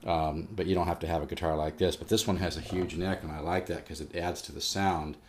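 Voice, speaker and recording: Low-voiced man teaching guitar. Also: level tone, fairly quick, a little hiss or hum. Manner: rambling, restarts, emphatic about practice. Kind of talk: casual guitar lesson. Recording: faint guitar playing behind.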